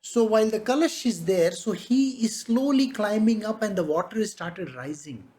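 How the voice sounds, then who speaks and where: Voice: medium pitch, expressive, darkish tone. A spiritual master giving a devotional discourse, telling a parable with frequent chuckles. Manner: slow storytelling, chuckling.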